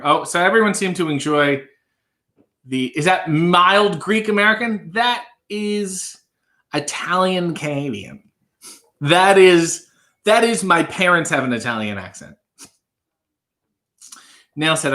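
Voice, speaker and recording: A man's voice: fairly high pitch, very animated, measured pace, long pauses, bright, forceful tone. A man in his thirties hosting a live stream, reading out viewer comments with a dry, offhand humor.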